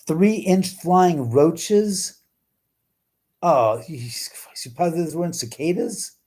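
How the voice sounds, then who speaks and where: Mellow, husky-voiced man hosting a livestream. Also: a little high, expressive, slow. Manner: chatty and exclamatory, swears casually. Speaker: livestream host. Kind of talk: casual live-stream chat, answering viewers. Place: at home.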